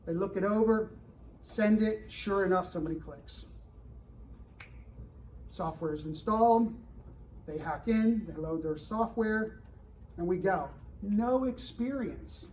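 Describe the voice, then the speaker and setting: A middle-aged man with a high-pitched voice talks to a live student audience at an event. He is animated and keeps asking the room questions. The mic sits a bit far from him, with a faint hum of room ambience behind. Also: slow pace, pauses often. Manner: animated, rhetorical questions to the crowd, frequent "right?". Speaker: government security director speaking to students. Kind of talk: fireside chat to a live audience.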